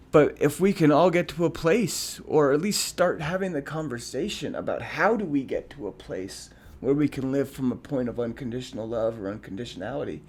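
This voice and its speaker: A man in the middle of a reflective podcast conversation, talking earnestly. His voice sits at an ordinary middle pitch. He pauses often and restarts his sentences as he works out what he means. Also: a little mellow. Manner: earnest, halting, with frequent restarts and ums. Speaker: podcast co-host.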